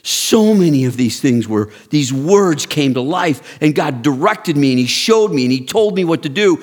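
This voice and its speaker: A man's voice: a little high, moderate pace, few pauses. Earnest man in his sixties. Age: 60s. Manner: earnest and direct, building to excited emphatic storytelling. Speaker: men's ministry leader. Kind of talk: personal testimony talk.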